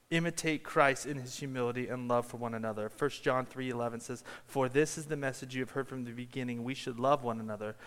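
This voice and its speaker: A man delivers a sermon in a church, mid-pitched and unhurried. He tells stories and rises to loud peaks, and the long reverb of a large hall trails after each phrase. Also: clear, resonant tone. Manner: storytelling, builds to shouted climaxes. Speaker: preacher.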